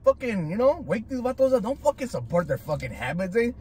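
Man, food vlogger, profane animated rant, high voice, swooping pitch, inside a car. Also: brisk. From Southern California. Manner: animated, slangy, switches into Spanish. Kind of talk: profane ranting chat while eating.

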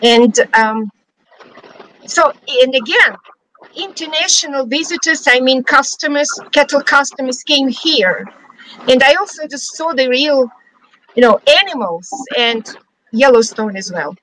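A woman's voice: high voice, unhurried, fairly bright tone, a little hiss or hum, low-quality recording. A middle-aged woman from Siberia with a Russian accent, a guest chatting freely about her life, often restarting sentences and laughing lightly. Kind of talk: casual storytelling interview. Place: studio.

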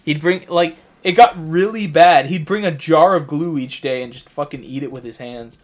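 A man's voice: on the high side, normal speed. A man co-hosting a crude comedy gaming show, rambling through profane tall tales. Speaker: co-host.

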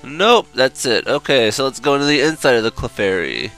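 A man's voice: medium pitch, very animated, fairly quick, a bit bright, soft background music. A young man doing gameplay commentary, swearing and groaning whenever the game turns against him. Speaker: let's play commentator.

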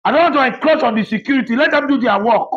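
A Nigerian man, a pastor, delivering a fiery rebuke to camera, shouting and repeating himself as he mixes Pidgin with English. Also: very high voice, rapid-fire, muffled recording.

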